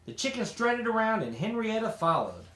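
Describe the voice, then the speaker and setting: A man reading a children's picture book aloud in an expressive, animated way. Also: high-pitched, moderate pace. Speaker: storybook reader. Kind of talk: children's story read-aloud. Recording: roomy echo.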